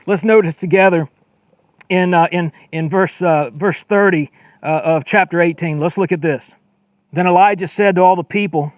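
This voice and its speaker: A high-voiced male pastor reads scripture aloud in a sermon and retells it conversationally. As his excitement builds he repeats words and acts out quoted lines with a raised voice, and there's no room sound.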